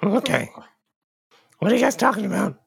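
Bashful rock-eating creature kid, gravelly and breathy, very sing-song, played by a man. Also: high voice, very animated, normal speed, no echo, exaggerated voice. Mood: simple. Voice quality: creaky, raspy voice. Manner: simple, bashful, blurting. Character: odd childlike creature that eats metal and rocks. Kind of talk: actual-play roleplay.

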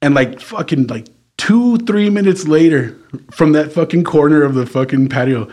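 A man co-hosting a podcast, telling a wild story in a casual, profane, animated way and often tagging lines with "right?". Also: on the high side, moderate pace. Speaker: podcast co-host; former band vocalist.

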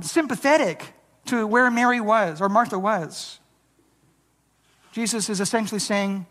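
An earnest sermon fills a church sanctuary, the long hall reverb trailing after a slightly bright, medium-pitched voice. The preacher frequently stumbles and starts phrases over, and performs quoted lines in an altered voice.

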